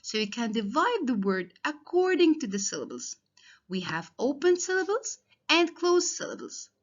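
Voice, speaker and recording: A woman's voice: sits high, sing-song, normal speed. A woman, a primary school English teacher patiently explaining a lesson step by step to children. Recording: dull lo-fi sound.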